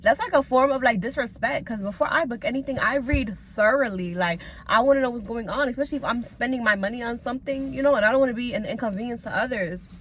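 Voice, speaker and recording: A young woman, a lash tech, telling a storytime vlog in an animated, exasperated way, acting out both sides of the talk. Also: fairly high pitch, fast talker, few pauses, slight background noise. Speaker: lash technician and vlogger.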